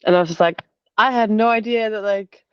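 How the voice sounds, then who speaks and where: A woman's voice: mid-range voice, fairly quick, clear, resonant tone, no room sound. A young woman from Australia telling a personal story in a casual, rambling way, full of fillers, on a video call. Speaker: artist sharing in a group call. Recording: dull, lo-fi video call audio.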